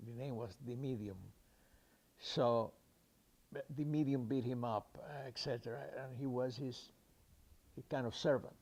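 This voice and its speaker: Older man with a mellow voice, rambling. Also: mid-range voice, fairly even intonation, unhurried, pauses often. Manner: rambling, with fillers and restarts, acts out the people he quotes. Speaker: storyteller. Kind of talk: recounting a personal anecdote.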